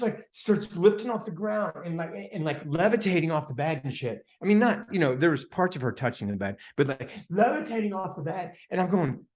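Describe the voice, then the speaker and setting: Animated man telling a story casually. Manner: animated, heavy filler words, "dude" and "man"; acts out quoted voices with big pitch jumps. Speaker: podcast guest, energy healer.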